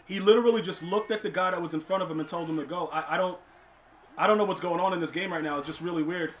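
A young man streaming a football video game, complaining to himself and his chat and shouting in disbelief at bad plays. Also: high voice, quick pace, a little hiss or hum. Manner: exasperated, talks to himself and chat. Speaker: gaming streamer. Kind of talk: live gameplay commentary.

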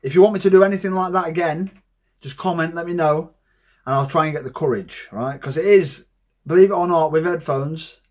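A man in his thirties hosting a reaction video, talking in an excitable, heavily profane casual way. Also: on the high side, a little fast. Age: 30s.

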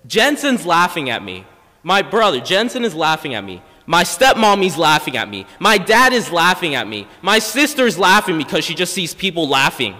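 Animated teen guy telling a story. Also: a little high, moderate pace. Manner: animated, slangy, exclaims loudly in places. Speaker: student stand-up performer. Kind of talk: stand-up storytelling. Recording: echoey school studio hall.

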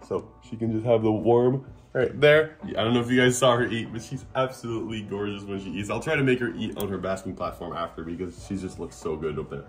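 A man chats casually to camera in a lower register, upbeat and talkative, checking in with a quick "right?". His voice rings in an echoey room, with faint guitar music playing underneath. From Canada. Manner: upbeat, chatty, says "right?" often. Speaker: reptile channel host.

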